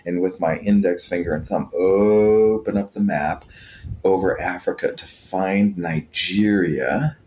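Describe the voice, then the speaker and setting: Deep-voiced middle-aged man telling a story. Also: measured pace, slight background noise. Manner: animated, chuckling storyteller. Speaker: guest. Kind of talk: conversational storytelling.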